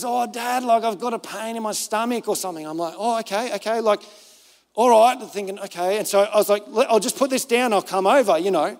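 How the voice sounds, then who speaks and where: A man's voice: sits high, a little mellow, in a large hall. A man in his thirties giving an informal, earnest sermon, talking conversationally with many fillers and little quoted thoughts to himself. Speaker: pastor.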